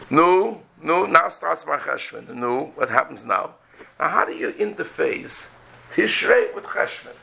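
A rabbi delivers a religious lecture in a high, heavily gravelly voice with a bright, tense edge. He fires off rhetorical questions and acts out prayers in his own voice. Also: low-quality recording.

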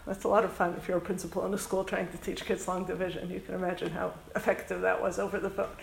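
A woman's voice: on the low side, little pitch movement, quick pace, creaky, hardly any pauses, roomy sound, rough recording. A woman from Canada, a school principal who runs a summer camp, tells a heartfelt story to an audience. She speaks earnestly and emotionally and drops in Hebrew and Yiddish words.

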